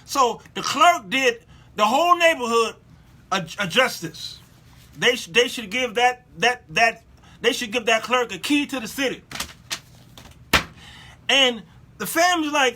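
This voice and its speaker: A male show host giving preachy, sarcastic commentary, animated and repetitive. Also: very high-pitched, a little slow, long pauses.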